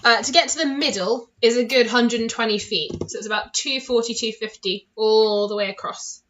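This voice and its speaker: A woman's voice: on the high side, normal speed, a bit bright. A woman from the United Kingdom running a tabletop game as game master, explaining rules plainly and in a friendly way. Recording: slightly dull mic with faint noise.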